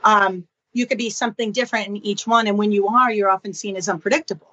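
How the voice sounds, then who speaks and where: A woman talks at a middle pitch, explaining with energy and slipping into quick acted voices for the people in her stories. The recording sounds a little muffled and lo-fi. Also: slight background noise. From Boston area. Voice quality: expressive, acts out dialogue in voices. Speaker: guest. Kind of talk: animated podcast explanation with acted-out anecdotes.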